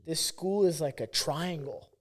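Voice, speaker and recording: A young man from Southern California, hosting a podcast and telling a story in casual chat, animated and swearing freely. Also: fairly high pitch, measured pace. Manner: animated, swearing, acts out quotes. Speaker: podcast host.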